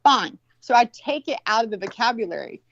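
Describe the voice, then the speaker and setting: A woman's voice: on the high side, expressive, fairly quick, no room sound. Woman, Southern US accent, casual chat, blunt and profane, dry dull lo-fi sound. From American South. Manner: blunt, profane, rambling storytelling.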